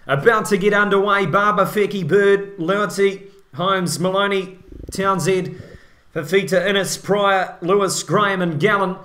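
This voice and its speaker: A man doing lead commentary for a match, brisk play-by-play with joking banter. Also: sits high, fairly bright tone, roomy sound, a little hiss or hum. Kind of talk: comedic amateur sports commentary.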